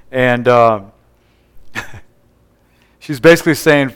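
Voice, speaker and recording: A male preacher with a smooth, clear voice delivers a sermon at a middle pitch. He retells scripture scenes, acting out the quoted lines and tossing call-and-response checks to his listeners. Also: moderate pace, fairly bright tone.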